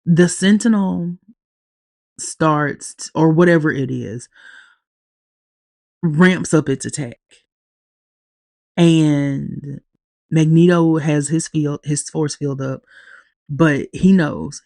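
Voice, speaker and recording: Woman, podcast recap, halting and teary, dark mellow tone, dry close sound. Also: low-pitched, no echo. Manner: emotional, halting, long pauses. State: teary-eyed. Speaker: podcast host. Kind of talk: casual recap of a TV episode.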